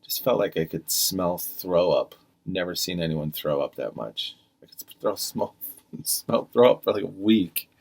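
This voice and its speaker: Deep-voiced man, middle-aged, casual storytelling, swears a lot, exasperated. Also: measured pace, creaky. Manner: profane, exasperated, acts out quotes. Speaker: podcast storyteller, retail manager.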